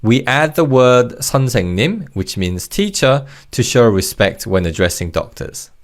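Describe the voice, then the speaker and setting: A man with a mid-range voice and lively intonation narrates a language lesson, teaching Korean vocabulary in English at a normal speed. He patiently explains word parts and leads repeat-after-me drills with plenty of encouragement.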